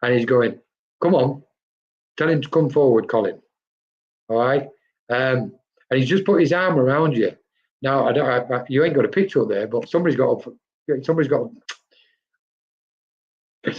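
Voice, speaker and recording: Male medium for a live stream reading, chatty, mid pitch, dull lo-fi sound. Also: moderate pace, long pauses. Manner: chatty, addresses viewers by name, quotes spirits.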